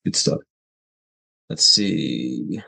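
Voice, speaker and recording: A man's voice: very deep voice, expressive, drawn-out words, creaky, bright, forceful tone, low-quality recording. A man hosting a podcast in casual chat, with loose, profane banter. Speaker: podcast host.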